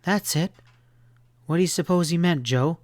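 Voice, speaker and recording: A man's voice: a little high, normal speed, a little mellow, no echo, pitched above the performer's own voice, natural voice. A man voicing a frightened young woman who entertains at a hotel in a western audiobook, pleading and rising into hysteria. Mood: worried.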